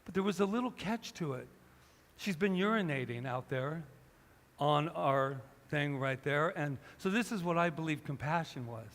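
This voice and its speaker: A man's voice: on the high side, expressive, moderate pace, fairly bright tone. Man preaching a story in a reverberant hall. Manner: storytelling, acting out both sides of a conversation. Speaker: pastor. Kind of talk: sermon. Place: church hall.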